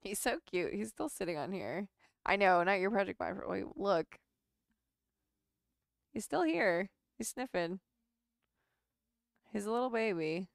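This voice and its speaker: A woman's voice: medium pitch, lively intonation, unhurried, gravelly, pauses often, dry recording, clean studio sound. A woman chatting casually at home as she works on a sewing pattern and coos baby talk to her cat. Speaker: sewing vlogger. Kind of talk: casual chat while sewing.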